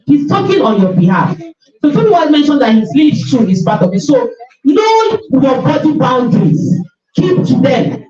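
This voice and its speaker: A woman's voice: high voice, big pitch swings, dark tone, soft background music. A woman coaching a school class on body safety, asking the students questions and stressing her words. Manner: questioning, drawn-out emphasis. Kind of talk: classroom teaching session. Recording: echoey, dull, from far off.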